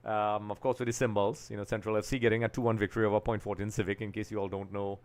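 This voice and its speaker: A young adult from Trinidad and Tobago talks fast in a lowish, slightly mellow voice that's clear and resonant, with little pitch movement. He hosts a live football talk stream, casually rambling and thinking aloud as he brings items up on screen.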